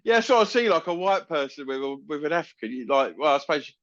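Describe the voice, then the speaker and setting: Male podcast co-host, playful sweary quips, lively pitch, dull lo-fi recording. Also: fast talker. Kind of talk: casual banter over drinks. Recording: dull lo-fi sound.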